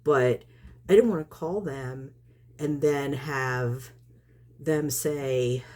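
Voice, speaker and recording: A woman's voice: very deep voice, drawn-out words, dark tone. A woman vlogger feeding neighborhood cats, chatting to her viewers in a rambling way and laughing often. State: just back in from outdoors. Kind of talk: casual chat to camera.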